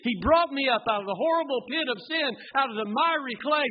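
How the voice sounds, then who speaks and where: A man preaching a sermon in a church, fervent and swinging from hushed tones to shouting, often asking the congregation rhetorical questions. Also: very high-pitched, fairly quick, phone-quality sound. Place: church sanctuary.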